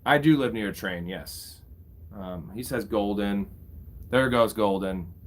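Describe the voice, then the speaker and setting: A man's voice: lowish voice, measured pace. A young man casually commentating a live fantasy football draft, bantering with his chat and swearing freely. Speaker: fantasy football streamer host.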